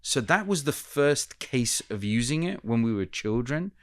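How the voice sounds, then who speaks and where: A man who is a communication expert, explaining ideas in a measured, teacherly way as a podcast guest. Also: medium pitch, sing-song, no echo, studio quality. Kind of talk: podcast interview.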